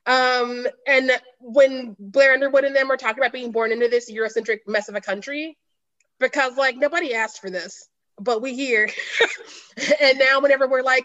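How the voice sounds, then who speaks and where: A woman's voice: high voice, moderate pace, fairly bright tone, highs cut off. A woman from Kansas City, Missouri, chatting casually about a film on a podcast, laughing often and acting out the voices she quotes. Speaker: podcast panelist.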